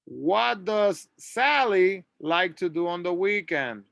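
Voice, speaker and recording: A man's voice: high-pitched, animated, slow pace, vocal fry, hardly any pauses, a bit bright, no room sound, studio quality. A man teaching an English lesson, patiently drilling words and asking listeners to repeat after him.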